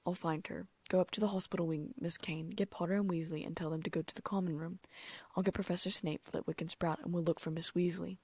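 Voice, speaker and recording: A woman reading an audiobook, voicing a stern, strict older female professor who speaks briskly. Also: lowish voice, steady tone, breathy edge, no echo.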